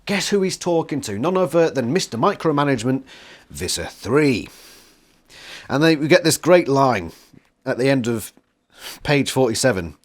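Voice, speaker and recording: A man reviewing a book in a casual, loose way. He is sarcastic and swears freely. His voice is mid-pitched and ordinary. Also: very animated, normal speed, long pauses.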